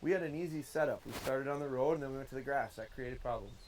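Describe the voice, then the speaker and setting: A man's voice: mid-range voice, quick pace, slight background noise, rough recording. A man teaching dog training in a folksy, hands-on way outdoors, sometimes acting out the commands he gives. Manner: folksy, demonstrating commands in varied tones. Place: outdoors in a field.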